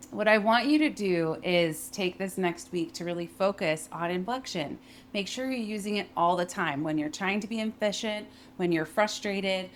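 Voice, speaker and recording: A young adult woman teaching workplace communication in a clear, emphatic way, modeling pitch and phrasing as she explains. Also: a little hiss or hum. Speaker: voice and communication coach. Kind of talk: instructional talk with spoken demonstrations.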